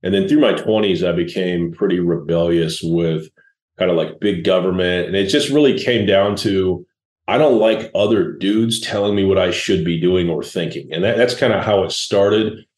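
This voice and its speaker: A man's voice: low-pitched, normal speed, a little mellow, echoey room. A man in his forties, a guest entrepreneur telling blunt, laid-back stories in a casual interview.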